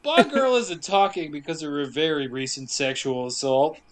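A man casually recapping a movie for a podcast, telling it with jokes and quick asides. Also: a little high. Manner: joking, animated storytelling with quick asides.

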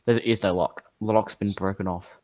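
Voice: sits low, fairly even intonation, normal speed, a little mellow. A game master narrating a tabletop fantasy game over an online call, casual, laughing easily and often restarting sentences.

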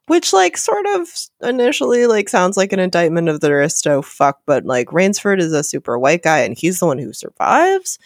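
A woman's voice: on the low side, very animated, moderate pace, hardly any pauses, dry recording, clean studio sound. A woman hosting a casual literature podcast, sardonic and profane, mixing story readings with jokes. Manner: profane, sardonic, reads story passages aloud. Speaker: podcast host.

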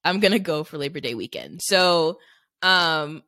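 A woman's voice: deep voice, lively intonation, a little slow, pushed and bright, no echo. Rambling young woman, dry close mic. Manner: rambling, heavy use of "like" fillers; candid and open, sharing personal stories. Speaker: podcast co-host. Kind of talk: casual chat.

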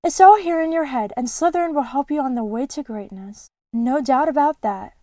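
A woman's voice: sits high, moderate pace, warm tone, no room sound, pitched above the performer's own voice, natural voice. A woman reading aloud the lines of a wise, teasing talking hat. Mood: musing. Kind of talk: reading a book passage aloud.

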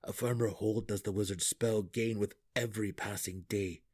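A man voicing a gruff, grim male deep gnome in an audiobook reading, speaking in a calm, measured way.

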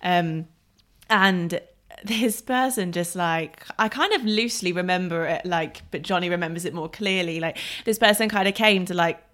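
A young woman in her twenties chatting casually, animated and laughing often as she tells travel stories. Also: lowish voice, moderate pace. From England. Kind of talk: casual chat.

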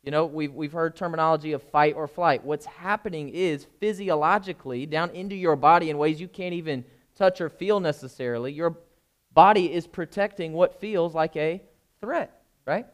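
A fairly high-voiced young man preaching in a relaxed, conversational way. He keeps checking in with the congregation, speaking to them like a pastor chatting with his church. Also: moderate pace. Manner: informal, keeps checking in with the listeners. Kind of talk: conversational sermon.

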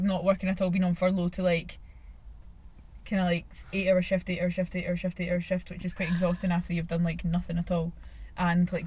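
A woman's voice: on the low side, slight background noise. A young woman co-hosting a podcast, talking in a chatty, rambling way and laughing often. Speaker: podcast co-host. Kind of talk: casual chat.

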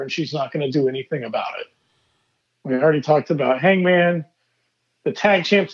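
A man's voice: on the high side, darkish tone, slightly rough. Easygoing man on a dull mic. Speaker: podcast co-host. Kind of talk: casual wrestling chat.

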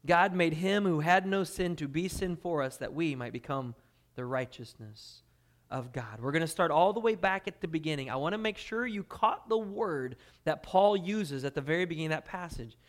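A man's voice: on the high side, lively intonation, moderate pace. Fervent male pastor preaching. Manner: dynamic preaching, drops to quiet intensity then swells loud. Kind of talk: sermon.

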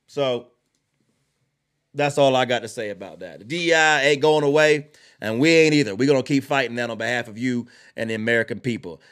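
A man hosting a political podcast, giving heated, blunt opinion commentary with slow, emphatic repetition and drawled asides. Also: medium pitch, fairly bright tone, smooth.

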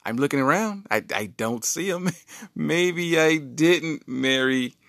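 A sassy, giggly wife with a lilting voice that leaps up high, as a man puts her on. Her lines are quick-tongued and teasing. The sound is dry and close. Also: expressive, gravelly, fairly bright tone, dry recording, heavily acted.

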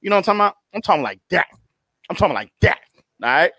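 A young man and podcast co-host telling an animated comedic story in casual chat, laughing often and constantly checking in with his listeners. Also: high-pitched, very fast, dry recording. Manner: animated storytelling with constant laughs and "you know what I'm talking about".

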